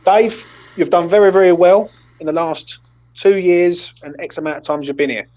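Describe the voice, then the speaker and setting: A man's voice: high voice, steady tone, moderate pace, a little mellow. A man hosting a casual post-match chat, blunt and sweary as he leads the player ratings. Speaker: host of a football fan channel.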